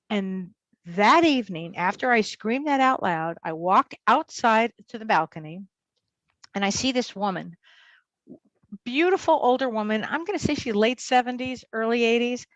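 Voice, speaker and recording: A woman working as a medium tells a personal story as an interview guest, fast and vivid, acting out the dialogue. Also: on the high side, animated, fairly bright tone, dry recording.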